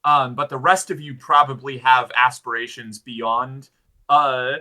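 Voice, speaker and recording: A man's voice: mid-range voice, steady tone, a little slow, pushed and bright. A man playing a tabletop game who chats casually and stumbles over his words. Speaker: player. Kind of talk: casual chat.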